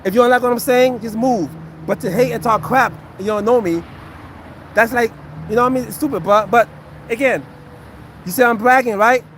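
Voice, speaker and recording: A man's voice: extremely high pitch, fairly quick, pauses often, fairly bright tone, a little hiss or hum. A man in his forties, a former fighter, chatting on a livestream and defending himself with sarcastic, repetitive asides to a heckler. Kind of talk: casual livestream chat to viewers.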